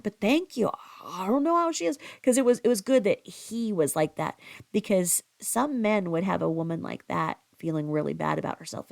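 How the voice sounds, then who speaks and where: A woman's voice: creaky, a little mellow. Chatty middle-aged woman telling a story. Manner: chatty, rambling, with many fillers and restarts; acts out quoted voices in a higher pitch. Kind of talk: casual storytelling.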